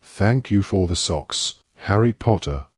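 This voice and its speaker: A man's voice: sits low, lively intonation, unhurried, slightly rough, dry recording, clean studio sound, exaggerated voice. A man voicing a loyal, anxious male house elf who speaks earnestly and humbly. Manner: earnest, servile.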